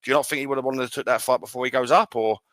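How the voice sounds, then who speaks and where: Fast-talking bright-voiced man. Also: medium pitch, fairly even intonation, dry recording. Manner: rapid, stumbling restarts. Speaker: podcast co-host. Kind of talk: casual sports chat.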